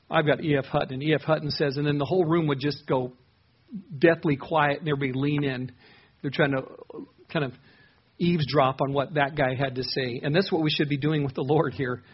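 A man's voice: a little high, breathy edge, highs cut off. A man preaching a sermon in an earnest, conversational way, acting out quotes as he goes. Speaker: pastor.

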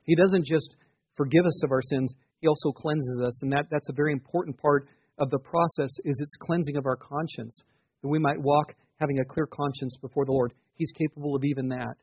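A man's voice: a little high, steady tone, fairly quick, a little mellow, breathy edge, no room sound. A man in his forties preaching a sermon, telling a personal testimony with earnest, emphatic rises. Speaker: pastor.

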